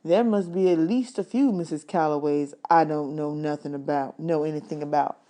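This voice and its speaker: A joking older man from a storybook, as a woman reader voices him, folksy and easygoing. He is told in a mellow, warm tone without much change from the reader's own voice. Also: sits low, normal speed, natural voice. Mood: explaining. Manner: teasing, folksy. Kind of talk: storybook read-aloud.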